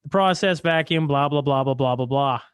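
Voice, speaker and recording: A man's voice: on the high side, normal speed, clean tone, dry recording, clean studio sound. A man hosting a podcast, chatting casually and reading articles aloud to his guest. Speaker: podcast host. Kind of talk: casual chat.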